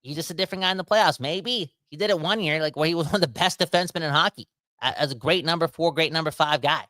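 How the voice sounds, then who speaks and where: A man hosting a casual sports podcast, talking in a rambling, animated way that keeps interrupting itself. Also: fairly high pitch, fast talker, no room sound. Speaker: podcast host.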